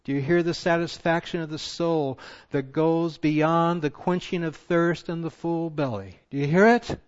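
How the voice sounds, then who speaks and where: A man preaching a sermon as pastor, full of passion and rhetorical questions, his voice swinging from loud to hushed. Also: on the high side, steady tone, moderate pace, muffled recording.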